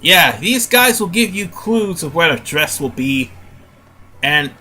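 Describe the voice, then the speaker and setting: A man's voice: fairly high pitch, animated, slow, bright, forceful tone, soft background music. A man with a stuffy nose giving casual gameplay commentary as a let's play host. He rambles and often stops to correct himself.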